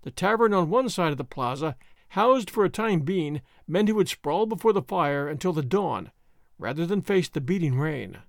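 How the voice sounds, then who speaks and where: A man reads a novel aloud as a dramatic storyteller. His voice sits high and moves a lot, and the recording is dry and close, with no room sound. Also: expressive, moderate pace, creaky, no echo. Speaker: audiobook narrator. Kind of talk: scripted narration.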